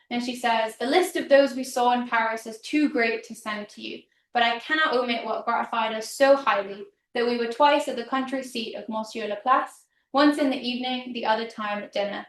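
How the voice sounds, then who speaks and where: A woman's voice: fairly high pitch, normal speed, far from the mic, a little hiss or hum. A woman lecturer giving a public history talk in a casual, chatty manner with frequent ums. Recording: roomy hall, speaker off-mic.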